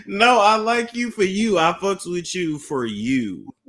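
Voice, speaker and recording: A young man guest in a casual podcast chat, a lively storyteller who laughs and swears casually. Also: high voice, takes it slowly.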